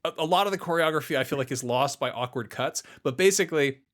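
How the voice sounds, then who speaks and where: A man's voice: a little high, fast, a bit bright. Man, 30s, co-host; rambling, profane storyteller; casual chat. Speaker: podcast co-host.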